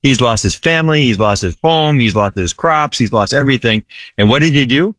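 A man's voice: medium pitch, animated, fairly quick, fairly bright tone, no echo. A man who works in disaster relief ministry, telling his story earnestly in an interview, repeating phrases for emphasis and often asking "right?".

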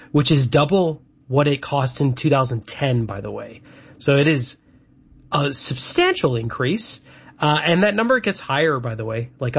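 A man's voice: medium pitch, husky. A man hosting a casual chat, talking in a rambling way with lots of fillers. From Canada. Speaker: host. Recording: dull lo-fi sound.

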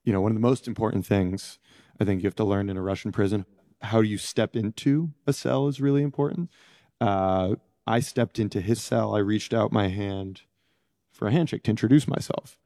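A middle-aged man with a low, mellow voice answers interview questions in a halting, reflective way, often pausing to search for words. His voice sounds close and dry, with no room around it. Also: no room sound. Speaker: interview guest, former prisoner.

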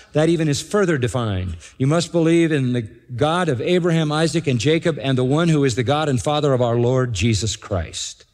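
A man preaches a sermon at a mid pitch, pressing his points hard and slowing down to repeat the key phrases. His voice rings out with a long reverb, as if he stands in a large hall. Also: darkish tone. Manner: emphatic, repeats key phrases, slows for stress. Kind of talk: expository sermon.

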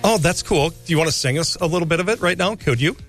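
A man's voice: a little high, fast talker, a bit bright, faint music behind. A man hosting an interview show, joking and encouraging his guests in casual chat. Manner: jokey, encouraging. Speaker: TV show host.

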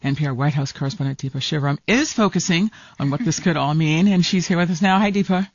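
A woman host of a morning radio news program introducing a story and questioning a correspondent calmly. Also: low voice, quick pace, dry recording, highs cut off.

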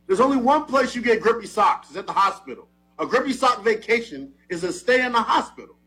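A man co-hosting a talk show, teasing his co-host in casual banter and jumping up in pitch when he gets worked up. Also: brisk, poor audio. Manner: animated, teasing, swings up in pitch when excited.

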